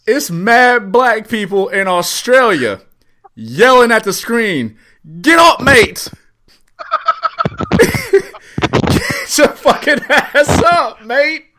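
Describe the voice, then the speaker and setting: A man co-hosting a podcast in casual chat, ranting in a profane, excitable way. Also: fairly high pitch. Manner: profane, excitable, riffing rants. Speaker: podcast co-host.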